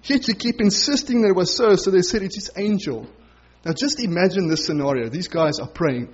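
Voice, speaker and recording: High-voiced pastor preaching casually. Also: male voice, a little fast, breathy edge, dull audio. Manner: conversational, acts out quoted voices. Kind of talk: sermon.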